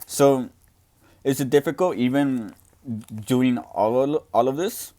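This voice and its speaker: A young deaf man speaking loudly and earnestly in a casual question-and-answer talk, with frequent restarts. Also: medium pitch, slow. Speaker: student podcaster answering questions.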